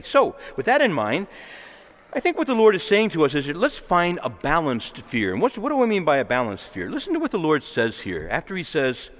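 A man preaching a sermon with impassioned delivery, moving between raised pleading and hushed earnestness. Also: a little high, huge pitch swings, brisk, long reverb tail.

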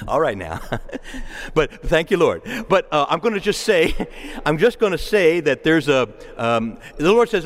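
A man's voice: on the high side, sing-song, slow, pauses often. A man preaching a sermon as a parish priest, conversational, with asides and repeated words. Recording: long church reverb.

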